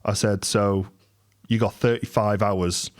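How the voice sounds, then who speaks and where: A middle-aged man, a podcast host and entrepreneur telling a story in a casual monologue, acting out the quoted dialogue with lively energy. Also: on the low side, a little slow.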